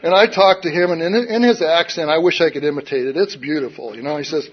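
A man's voice: a little high, fast, few pauses, slightly rough. A man telling a personal recovery story in a wry, self-mocking, rambling way, often saying "you know". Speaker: recovery speaker. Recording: dull lo-fi recording.

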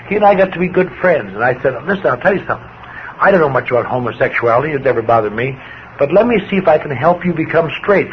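An older man giving a plainspoken personal testimony to a recovery group, his voice swinging with emotion as he tells his story. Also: on the high side. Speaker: recovery speaker. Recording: dull lo-fi recording with faint hiss.

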